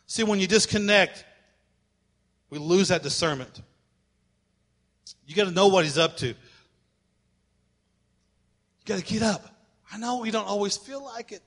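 A male pastor delivering a sermon, emphatic and repetitive, at times shouting. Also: sits high.

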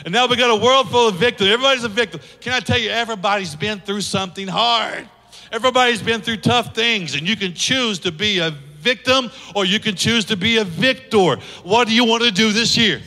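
Brief: passionate male pastor, forceful tone, long church reverb. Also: sits high, fairly quick. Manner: passionate, exhorting, rhetorical questions. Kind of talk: sermon. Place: church sanctuary.

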